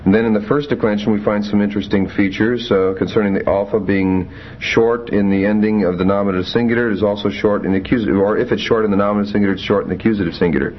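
A man teaching a Greek grammar class, explaining rules methodically with frequent pauses and fillers. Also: lowish voice, steady tone, a little hiss or hum. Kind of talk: classroom lecture. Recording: muffled lo-fi classroom recording.

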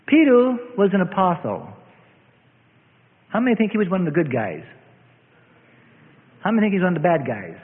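Male preacher, high voice, very expressive pitch, dramatic loud-soft delivery, tinny sound, long hall echo. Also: normal speed, pauses often. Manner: dramatic preaching, swings between loud and hushed. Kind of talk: sermon.

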